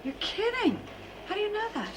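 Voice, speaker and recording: A woman's voice: very high-pitched, sing-song, a little fast, slight background noise, low-quality recording. An actress playing an anxious, earnest female inmate, pressing her point urgently. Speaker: prison inmate.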